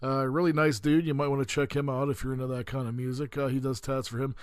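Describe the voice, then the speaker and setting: A man's voice: medium pitch, little pitch movement, fast, no echo. A man hosting his own podcast in a casual, rambling way, full of filler words and calling his listeners cats. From western Pennsylvania. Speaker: podcast host. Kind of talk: casual chat.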